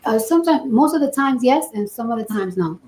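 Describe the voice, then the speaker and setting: A woman testifying in a courtroom, telling her side in an animated way and acting out what others said. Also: on the high side, brisk, echoey room, a little hiss or hum, rough recording. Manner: animated, reenacts dialogue with lively voices.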